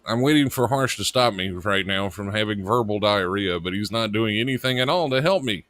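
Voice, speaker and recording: Low-voiced rambling man co-hosting. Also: fairly quick, fairly bright tone. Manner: rambling, joking, swears freely. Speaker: producer and co-host. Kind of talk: casual live-stream chat.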